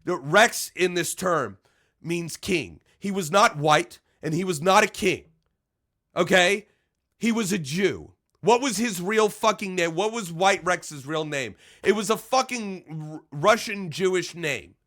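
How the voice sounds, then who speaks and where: High-pitched bright-voiced man ranting angrily. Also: animated, a little slow. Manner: profane, heated, jumps between muttering and shouting; stammering restarts when agitated. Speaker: commentator reacting to an article. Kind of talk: angry ranting commentary.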